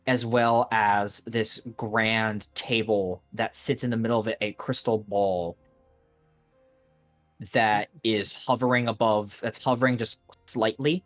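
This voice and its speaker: A man narrating a tabletop game as game master, describing scenes in halting bursts full of restarts. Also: on the low side, fairly even intonation, faint music behind. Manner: halting, many restarts and fillers while describing.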